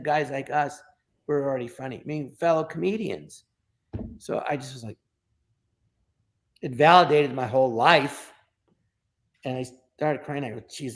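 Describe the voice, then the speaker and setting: A middle-aged man from Los Angeles, a comedian guest telling a story in an interview and acting out the quoted lines. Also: on the high side. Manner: animated storyteller, acts out quoted dialogue.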